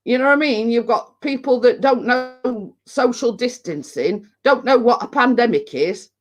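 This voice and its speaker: A woman's voice: on the high side, moderate pace. A woman hosting a casual chat stream from home, telling rambling anecdotes and laughing often. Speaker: host of a live chat stream. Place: at home indoors.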